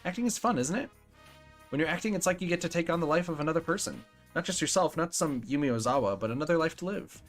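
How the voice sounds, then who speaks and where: A man's voice: fairly high pitch, lively intonation, fast, soft background music, pitched above the performer's own voice, close to an everyday voice. A man voicing an earnest teenage schoolgirl from a drama club, reading her lines in a dreamy, heartfelt way while playing a game. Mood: wistful.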